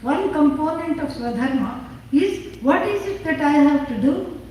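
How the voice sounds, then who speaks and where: A woman's voice: sits high, animated, unhurried, warm tone, a little hiss or hum. A woman teaching scripture in a lecture, asking questions and answering them herself with dry humor. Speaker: spiritual teacher. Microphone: phone in the audience. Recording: very echoey hall, far from the mic.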